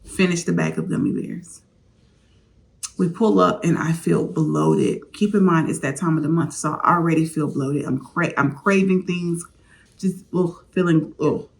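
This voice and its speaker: A woman's voice: sits low, lively intonation, normal speed, vocal fry, a little hiss or hum. A woman vlogger candidly telling a personal story, confiding straight to her viewers.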